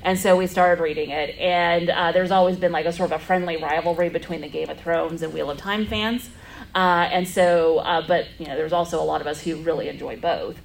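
Low, gravelly woman moderating a panel. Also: fairly even intonation, a little fast, slight background noise, rough recording. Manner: chatty, rambling with many fillers. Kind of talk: convention panel discussion. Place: convention panel room.

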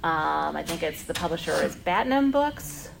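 A woman's voice: deep voice, sing-song, normal speed, creaky, a little hiss or hum, poor audio. A woman moderating a convention panel discussion, chatty and rambling with lots of fillers, speaking into a panel microphone in a convention room.

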